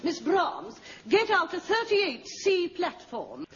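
A woman's voice: very high-pitched, big pitch swings, slow, full character voice. An actress playing a haughty older female shop assistant in a 1970s TV sitcom, with a plummy, affected voice, heard in a lo-fi archive clip. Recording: lo-fi archive TV clip with loud studio audience laughter and hiss.

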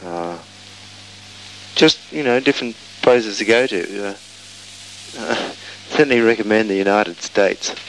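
Rambling low-voiced man telling a story. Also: a little slow, long pauses, fairly bright tone, a little hiss or hum, low-quality recording. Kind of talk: casual travel anecdote.

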